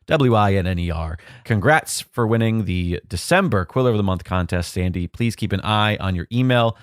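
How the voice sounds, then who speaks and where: Laid-back podcast producer, low voice. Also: male voice, fairly quick, few pauses, clear, resonant tone, dry recording, soft background music. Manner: relaxed, with many "uh" fillers. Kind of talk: casual chat.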